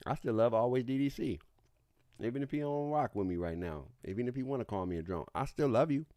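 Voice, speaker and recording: A man's voice: mid-range voice, animated, fast talker, mellow, dry recording. Laid-back streamer man, dry close voice. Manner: laid-back, repetitive, slangy banter. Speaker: streamer host. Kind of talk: casual livestream chat.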